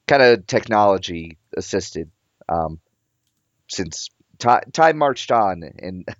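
Low-voiced man explaining, lo-fi mic. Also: dry recording. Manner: explanatory, nerdy detail. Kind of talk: casual chat. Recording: dull, lo-fi mic.

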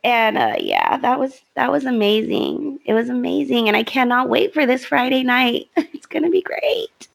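A young woman co-hosting a podcast, telling a story in a casual, animated way, acting out what people said. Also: sits high, normal speed, creaky. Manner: animated storytelling with frequent laughs and quoted voices. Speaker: podcast co-host. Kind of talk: casual chat.

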